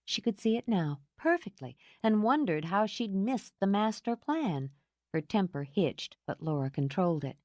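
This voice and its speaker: Ekspresyjna lektorka, suche studyjne nagranie. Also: female voice, medium pitch, expressive, normal speed, darkish tone, no room sound, studio quality. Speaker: audiobook narrator. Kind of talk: scripted narration.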